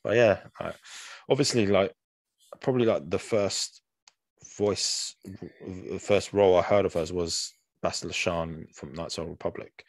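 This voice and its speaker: Man, very low voice, casual podcast chat, rambling with fillers and restarts, dry close sound. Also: measured pace, dry recording. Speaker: podcast co-host.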